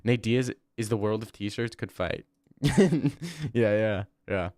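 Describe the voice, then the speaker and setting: A man's voice: lowish voice, fairly even intonation, slow, darkish tone, no room sound. Profane young male streamer, dry sound. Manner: rambling, profane, reacting to chat. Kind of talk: casual livestream chat while gaming.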